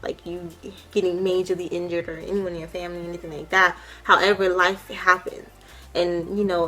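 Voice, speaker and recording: A woman's voice: mid-range voice, a bit bright. A young woman giving an emotional personal testimony, earnest and heartfelt, with many casual fillers. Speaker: vlogger sharing her testimony.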